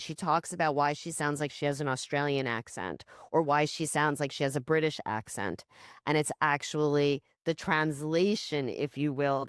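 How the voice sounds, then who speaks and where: A woman co-hosting a podcast, telling stories in animated casual chat and swearing offhandedly. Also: low voice, clear, resonant tone, dry recording, clean studio sound. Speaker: podcast co-host.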